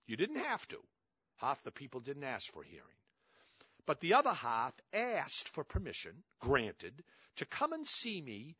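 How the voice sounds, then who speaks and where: Husky man telling stories emphatically. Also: fairly high pitch, no room sound, lo-fi sound. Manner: emphatic, dramatic pauses, repeats "you see". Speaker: public speaker. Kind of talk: storytelling talk.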